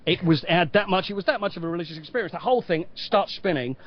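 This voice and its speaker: A middle-aged man with an English accent, a stadium announcer telling long, animated anecdotes as a podcast guest. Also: sits high, fast. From England. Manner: lively storyteller, acts out quoted voices. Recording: dull lo-fi podcast audio.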